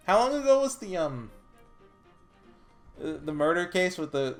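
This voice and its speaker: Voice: mid-range voice, expressive, moderate pace, soft background music. A let's player giving casual commentary and reading game dialogue aloud, chatty and stumbling over lines now and then.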